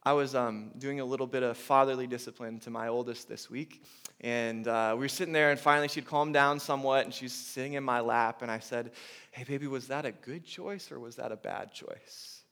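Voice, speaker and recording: A man in his thirties preaching a sermon, swinging from hushed, intimate lines to loud, urgent ones. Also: medium pitch, fairly even intonation, a little fast. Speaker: pastor.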